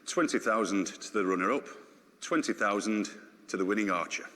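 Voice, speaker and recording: A stern nobleman at a royal council, his low voice swinging widely in pitch and ringing bright. He sounds indignant and questioning, with a long reverb trailing each line. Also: animated, moderate pace.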